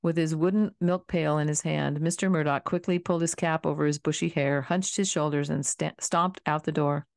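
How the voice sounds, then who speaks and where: Woman calmly reading a children's novel. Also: sits low, moderate pace, creaky, few pauses, dry recording, studio quality. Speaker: audiobook reader. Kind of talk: storybook narration.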